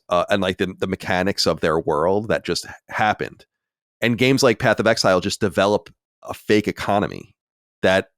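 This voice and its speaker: A man hosting a podcast in casual chat, animated and swearing, with many restarts. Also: lowish voice, no room sound, studio quality. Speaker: podcast host.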